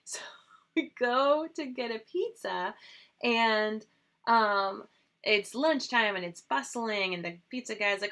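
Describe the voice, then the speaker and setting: A woman's voice: medium pitch, measured pace, sharp tone, a little hiss or hum. A woman hosting a casual makeup livestream, chatting and rambling with lots of fillers. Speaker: host.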